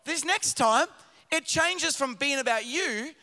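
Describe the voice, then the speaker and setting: A middle-aged man preaching a sermon as pastor, swinging between loud emphatic calls and quiet low passages. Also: lively intonation, takes it slowly. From Australia. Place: large church auditorium. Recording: long hall reverb from a church.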